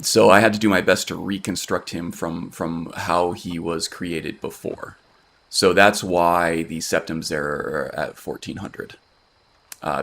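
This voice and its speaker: A male game streamer with a deep, fry-laden voice commenting casually on his play. He rambles, corrects himself, and fills gaps with ums. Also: fairly bright tone, a little hiss or hum. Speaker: livestreamer playing a game.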